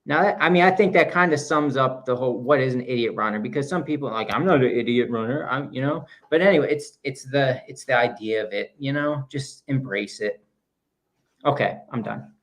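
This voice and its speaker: A man's voice: medium pitch, brisk, fairly bright tone. A man co-hosting a running podcast in casual chat, often restarting his sentences, at times reading out prepared text. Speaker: podcast co-host.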